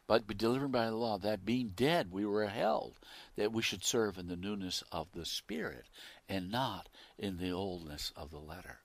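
A man preaching a sermon who swings from loud, emphatic declarations to quiet asides and reads scripture with rising intensity. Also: on the low side, animated, moderate pace, no room sound.

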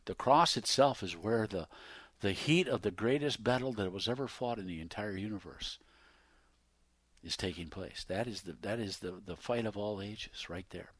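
A man preaching a sermon, reading scripture aloud and swinging between loud emphasis and hushed whispers. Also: lowish voice, dry recording. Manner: reads scripture aloud in King James wording.

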